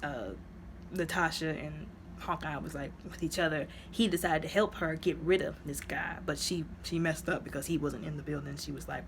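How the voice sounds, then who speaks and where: A woman's voice: sits low, fairly even intonation, normal speed, vocal fry, slight background noise. A woman casually recapping a movie in a chatty, rambling way, dropping to dramatic whispers when she acts out lines. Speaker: movie reviewer.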